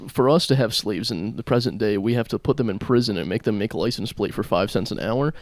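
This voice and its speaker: A young man co-hosting a podcast, trading crude deadpan jokes with frequent laughter. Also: on the low side, fast, no echo. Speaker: podcast co-host. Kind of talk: casual comedic podcast banter.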